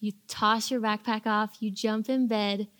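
A young adult woman gives a casual storytelling talk to teens, animated and acting out little quoted lines as she goes. Her voice is medium-pitched and her pace a little slow.

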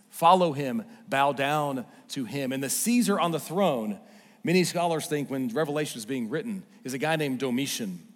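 A man preaching a sermon, swinging from loud emphatic lines to hushed, quiet asides. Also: fairly high pitch. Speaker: pastor. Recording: long hall reverb.

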